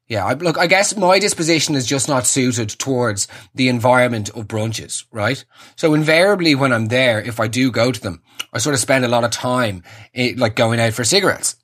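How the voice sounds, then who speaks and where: A young man with a husky voice, giving an exasperated, sarcastic comic rant that swings from high squeals to low mutters. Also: moderate pace, fairly bright tone. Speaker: comedian.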